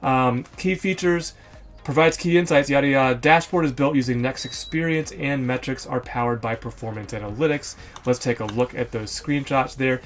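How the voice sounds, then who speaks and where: A man's voice: mid-range voice, normal speed. A man hosting a casual screen-share walkthrough, chatty and thinking aloud, correcting himself often with ums. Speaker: host of a software store review show.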